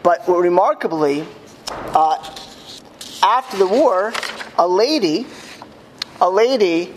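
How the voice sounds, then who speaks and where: A man telling a story to an audience with halting restarts, his voice rising to high cries in quoted lines. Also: expressive, a little hiss or hum. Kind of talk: impassioned storytelling talk. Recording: long hall reverb, faint ambience.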